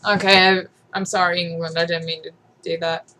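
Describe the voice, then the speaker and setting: A woman's voice: lowish voice, little pitch movement, fairly quick, sharp tone, slight background noise, poor audio. Giggly, self-conscious woman vlogging at home. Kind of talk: casual, rambling vlog. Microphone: camera close up to the face.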